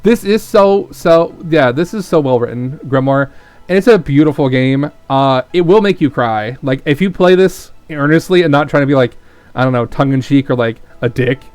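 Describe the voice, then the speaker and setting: A man's voice: mid-range voice, lively intonation, normal speed, darkish tone, dry recording, faint music behind. A man streaming a visual novel, reading it aloud and reacting with emotional, profane commentary. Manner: emotional, swears freely.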